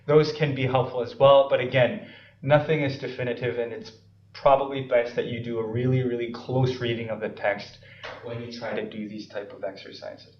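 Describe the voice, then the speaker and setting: A man giving a seminary Bible study lecture, unhurried, with filler ums and frequent "right?" and "okay?" checks. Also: medium pitch, little pitch movement, a little hiss or hum. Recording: roomy, distant, slightly dull lecture recording.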